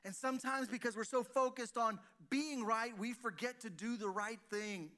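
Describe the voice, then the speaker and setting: Bright high-voiced man preaching. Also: normal speed. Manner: preaching, rhetorical questions to the congregation. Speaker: pastor. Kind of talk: sermon. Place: church service, streamed to listeners at home.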